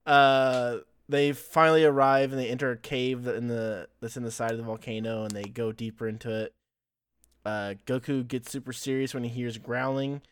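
A man's voice: mid-range voice, steady tone, normal speed, clean tone. A man hosting a podcast, casually recapping episodes and laughing often as he tells the story. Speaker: podcast host.

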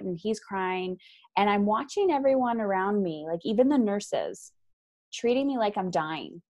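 Speaking in a mid-range voice, an author from Ontario, Canada, appears as a guest and shares a personal story with frankness and energy. In candid conversation, she performs the voices of people she quotes and adds quick asides.

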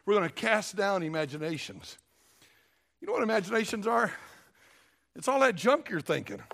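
A high, gravelly-voiced man preaching in a folksy, emphatic style. He speaks with a drawl and often repeats himself for effect. He sounds middle-aged. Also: very animated, moderate pace, fairly bright tone. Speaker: pastor. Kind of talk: sermon.

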